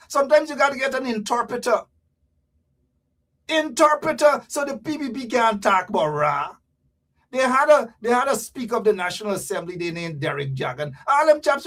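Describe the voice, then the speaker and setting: Guyanese guy ranting on his political show, loud and animated, voice jumping all over. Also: high voice, normal speed, recorded from a distance. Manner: animated, shouting, mocking, repetitive. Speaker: political talk show host. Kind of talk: fiery political commentary.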